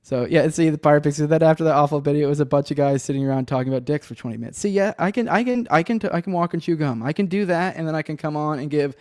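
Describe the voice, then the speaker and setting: Podcast host: man, rambling and sardonic, swears freely, dark mellow voice on a dry, close track. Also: a little high, rapid-fire, hardly any pauses, no room sound. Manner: rambling, profane, sardonic, many restarts. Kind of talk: casual solo commentary with chat. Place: home room with a cat and a desk.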